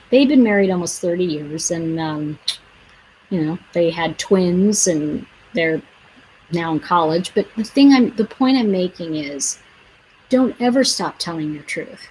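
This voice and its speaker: A woman with a fairly low, slightly mellow voice speaks with lively intonation at a measured pace, in a rough recording with a little hiss or hum. On a casual livestream she tells her viewers stories, acts out what people said, and offers earnest advice.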